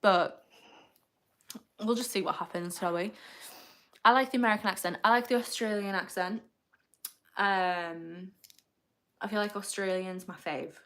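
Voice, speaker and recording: A young woman talks casually on her livestream at a middling pitch. She rambles from one thought to the next, reads viewer comments aloud and laughs readily along the way. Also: fairly even intonation, a bit bright. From United Kingdom. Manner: chatty and rambling, quick to laugh. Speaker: livestream host.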